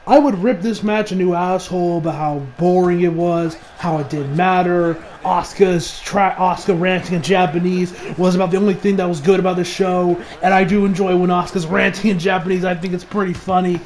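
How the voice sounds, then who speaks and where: A man giving a ranting wrestling review. He swears constantly and now and then breaks into shouted mocking impressions. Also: high-pitched, fairly even intonation, fairly quick, hardly any pauses, slight background noise.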